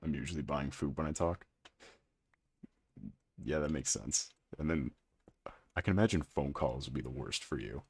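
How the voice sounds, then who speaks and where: Brief: male streamer, rumbling ultra-low voice, husky and gravelly, dry close sound, casual teasing chat. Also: expressive, normal speed, long pauses. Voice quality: extremely deep gravelly voice. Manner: chatty, teasing, reads and answers chat aloud. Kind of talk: casual live-stream chat while playing.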